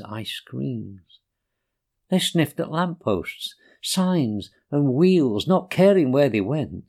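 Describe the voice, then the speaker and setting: A man reading rhyming children's poems aloud in a gentle, sing-song way. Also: medium pitch. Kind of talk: rhyming storybook narration.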